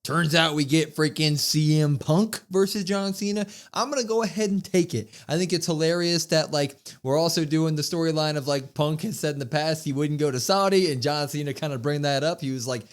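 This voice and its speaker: A man co-hosting a podcast, recapping wrestling in a casual, excitable way and acting out quotes with emphasis. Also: fairly high pitch, fairly quick, hardly any pauses. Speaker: podcast co-host.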